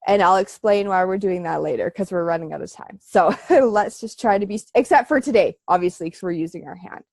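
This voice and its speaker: A woman teaching a live online breathing class, giving relaxed, chatty instructions with frequent fillers and a slightly congested voice. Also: medium pitch, fairly quick, vocal fry, no echo.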